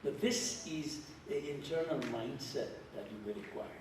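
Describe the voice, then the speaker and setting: A man's voice: medium pitch, normal speed, background noise. An older man giving a conference keynote, emphatic and repeating phrases as he lectures. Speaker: keynote speaker. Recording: echoey hall from far off.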